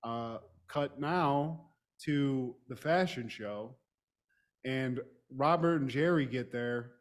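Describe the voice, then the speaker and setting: A man's voice: medium pitch, slow pace. A man co-hosting a podcast, recapping a TV episode in a loose, profane, joking way. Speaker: co-host.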